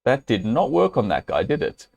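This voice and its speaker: A man gives live gameplay commentary on a stream, thinking aloud through each move in loose, hesitant speech full of "um"s, fillers and restarts, sometimes addressing viewers directly or scolding the game's hero. His mid-range voice is very animated, creaky, husky and a little mellow. The sound is lo-fi.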